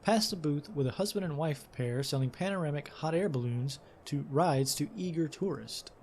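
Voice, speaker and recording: A man's voice: a little high, moderate pace, a little mellow, slight background noise. Casual man reading a game aloud. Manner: casual, with fillers and self-corrections. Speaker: let's play host.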